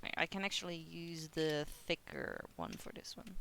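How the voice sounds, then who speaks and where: A woman's voice: low voice, big pitch swings, moderate pace, gravelly, a bit bright, clean tone, dry recording. A young woman with a Dutch accent, chatting casually with her live-stream viewers and laughing often. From Netherlands. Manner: chatty, giggly, reads chat aloud.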